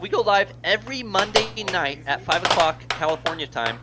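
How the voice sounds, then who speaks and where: An American man gives live play-by-play commentary on air hockey, voice almost gone, chatting and rambling and thanking donors between plays. He sits high, sounds expressive, and talks at normal speed, with very heavy noise around him.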